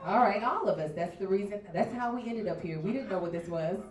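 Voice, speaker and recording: A woman performing a stand-up set, telling her stories in a brash, loud way with big swings in volume. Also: medium pitch, fast talker, distant mic. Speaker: stand-up comedian. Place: bar comedy stage before a live crowd. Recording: echoey bar room recorded from afar.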